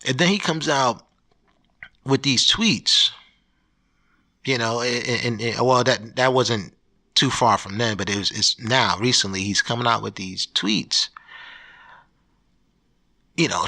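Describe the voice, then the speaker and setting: A man's voice: on the low side, unhurried, pauses often, bright, forceful tone. A man hosting his own podcast, ranting in a loose, profane, rambling way with many restarts. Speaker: podcast host. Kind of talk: solo podcast rant.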